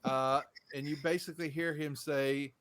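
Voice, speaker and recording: Rambling game master. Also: male voice, a little high, fairly even intonation, moderate pace, a crowd in the background. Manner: loose, rambling, full of fillers and restarts. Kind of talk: narrating a tabletop game.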